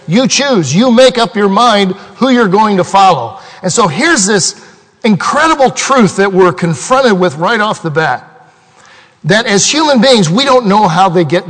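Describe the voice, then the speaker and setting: A man delivers a sermon from the pulpit in an earnest, emphatic way, drawing out his key phrases. His voice sits high for a man. A long reverb trails each line through the church hall. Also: fairly bright tone. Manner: earnest, emphatic preaching with slowed dramatic phrasing. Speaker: pastor.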